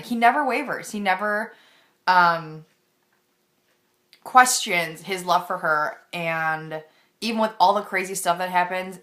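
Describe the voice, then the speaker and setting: A woman's voice: fairly low pitch, pushed and bright. A young woman book vlogger chatting casually and gushing with enthusiasm about her favorite characters, with lots of fillers. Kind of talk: casual chat.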